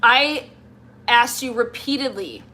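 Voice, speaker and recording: Slow, bright, and pushed, a woman's high-leaning voice carries her livestream tirade aimed squarely at an absent listener. She sounds exasperated and combative, and a little hiss or hum sits under the audio.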